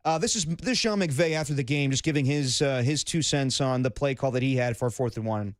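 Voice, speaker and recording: A man co-hosting a sports radio show, talking in a casual, animated way and slipping into mocking impressions. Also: medium pitch, a little fast, no room sound, studio quality.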